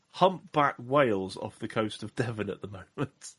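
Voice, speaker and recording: A man from Southwest England chats on a podcast in a somewhat low voice. He rambles, loses his thread and jokes about himself. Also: expressive, normal speed, a bit bright, husky, no echo. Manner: rambling, jokey, self-deprecating. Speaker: podcast co-host. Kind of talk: casual chat.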